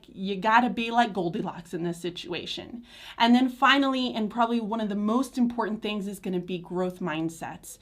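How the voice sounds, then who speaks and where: A woman teacher, talking to parents and teachers in a chatty, animated live chat and laughing easily. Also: on the high side. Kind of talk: informal talk to parents and teachers.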